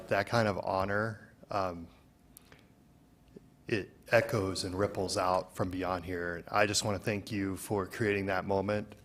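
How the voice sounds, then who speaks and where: A man's voice: low voice, a bit bright, a little hiss or hum. A man speaking earnest, heartfelt remarks at a city council meeting. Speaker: council member.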